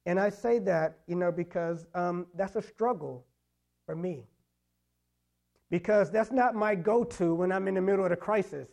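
A man's voice: high voice, moderate pace, vocal fry, a little mellow. A man preaching a sermon in a conversational way, full of "you know" fillers and repeated phrases. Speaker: pastor.

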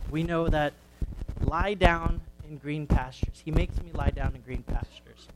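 Man preaching, explains stuff earnestly, a bit high voice. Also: rough recording. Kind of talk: sermon with children's story reading.

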